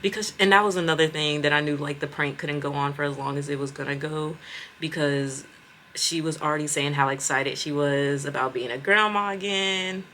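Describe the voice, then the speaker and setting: A young woman in casual storytime, animated and profane with laughing asides. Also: low voice, normal speed, slight background noise. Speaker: storytime vlogger.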